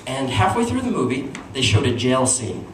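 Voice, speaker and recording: A man's voice: medium pitch, big pitch swings, moderate pace. A young man doing a stand-up comedy routine, telling a self-deprecating dating story and acting out quotes with playful jumps in his voice. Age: young adult. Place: small venue with audience. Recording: echoey room, distant mic, audience noise.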